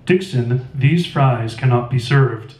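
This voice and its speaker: A man reading as a pompous fast-food manager. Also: mid-range voice, a little mellow, close to an everyday voice. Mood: stern. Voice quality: stiff, formal, pompous. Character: pompous middle-aged male fast-food manager, prim. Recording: roomy store, distant mic.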